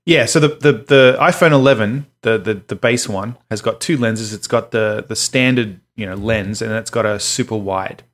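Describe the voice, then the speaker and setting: A man's voice: lowish voice, moderate pace, hardly any pauses. A man co-hosting a podcast in casual chat, explaining at length and swearing offhandedly. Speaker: podcast co-host.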